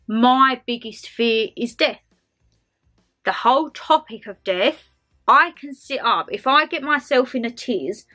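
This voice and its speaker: A young woman in her twenties chats on camera, rambling easily through viewer questions. Her voice is bright and forceful and sits a little high. Soft music plays faintly underneath. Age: 20s. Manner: chatty, rambling, calls viewers "my lovelies". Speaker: lifestyle vlogger. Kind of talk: casual Q&A chat to camera.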